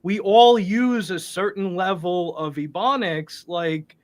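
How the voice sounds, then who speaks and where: A man's voice: high-pitched, slow. A man in a casual podcast chat, giving opinionated, wry takes full of slangy asides.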